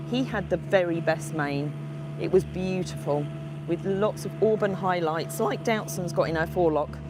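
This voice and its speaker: Chatty woman live-streaming on horseback. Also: lowish voice. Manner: chatty, greets viewers by name. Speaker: horse sanctuary host. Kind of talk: live-stream chat while riding. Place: outdoors on horseback at a farm. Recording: outdoor noise with passing vehicles.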